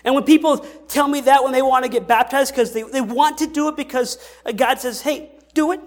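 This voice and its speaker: A man's voice: very high voice, steady tone, brisk. A male pastor preaching a sermon in a conversational way, asking rhetorical questions and often restarting his sentences.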